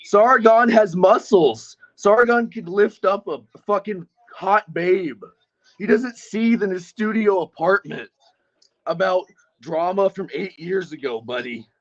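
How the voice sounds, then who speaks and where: A man's voice: high voice, takes it slowly. A man in his twenties taunting and mocking others in a heated online voice chat, grandiose and insulting. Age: 20s. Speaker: voice chat participant. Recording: muffled lo-fi voice chat audio.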